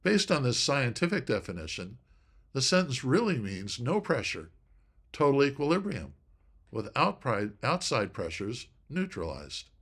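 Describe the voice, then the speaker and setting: A man giving an inspirational teaching talk on studying scripture, speaking deliberately and stressing key words. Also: mid-range voice, big pitch swings, a bit bright, husky. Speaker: presenter of a Bible study talk.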